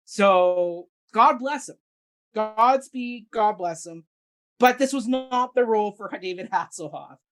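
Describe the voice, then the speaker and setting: A woman hosting a casual review chat, brisk and moderating the turns, on a video call. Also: mid-range voice. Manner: brisk, moderating, quick to laugh. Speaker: podcast host.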